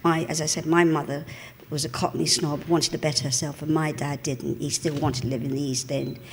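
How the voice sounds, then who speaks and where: A woman's voice: deep voice, a little fast, a little hiss or hum. Chatty older East End London woman. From England. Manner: chatty, animated storyteller, laughs often, calls people darling. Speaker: interview guest. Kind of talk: live stage interview. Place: cinema auditorium with a live audience. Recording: long hall reverb.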